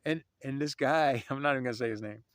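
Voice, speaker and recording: A man's voice: mid-range voice, fast talker, a bit bright, dry recording. Brief: male storyteller, casual and repetitive, dry recording. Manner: rambling, repeats phrases, chants a murmured prayer. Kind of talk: personal spiritual story told casually.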